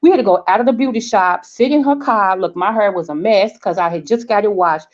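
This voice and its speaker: Southern woman, forties, vlog host, animated storyteller, dull lo-fi sound. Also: medium pitch, fairly quick. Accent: Southern American. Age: 40s. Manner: animated storyteller, acts out quoted voices, checks in with "okay?". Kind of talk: casual storytelling chat.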